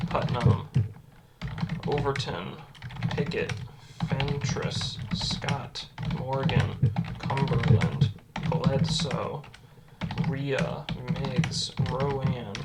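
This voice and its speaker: A woman quietly reciting place names from memory, correcting herself now and then and making wry asides. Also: a bass voice, very noisy. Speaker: geography video creator. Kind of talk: muttering recall while typing. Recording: loud keyboard clatter close to mic. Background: loud keyboard typing.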